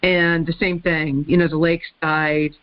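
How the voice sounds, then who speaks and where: A woman's voice: low voice, flat delivery, measured pace, muffled recording. A woman hosting a casual group call, rambling and laughing as she talks about growing up in the South. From American South. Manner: chatty, rambling, laughs often. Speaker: host.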